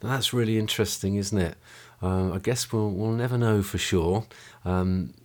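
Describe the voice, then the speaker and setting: This man hosts a podcast from a home studio room, his lowish, darkish voice fairly even in intonation and moderate in pace. The talk is a casual chat and wrap-up, delivered hesitantly with plenty of fillers and restarts.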